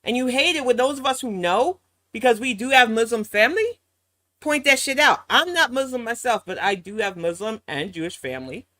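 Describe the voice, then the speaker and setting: A woman's voice: on the high side, lively intonation, brisk, bright, forceful tone, no room sound, clean studio sound. An American woman hosting a reaction commentary, blunt and sarcastic, swearing freely. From United States. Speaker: commentary channel host.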